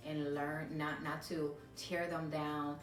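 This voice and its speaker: Animated woman with a lowish voice. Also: slow. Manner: animated and emphatic, acts out her own inner thoughts. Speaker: co-host of a marriage ministry show. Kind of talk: casual faith-based chat. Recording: roomy sound, mic at a distance, soft music.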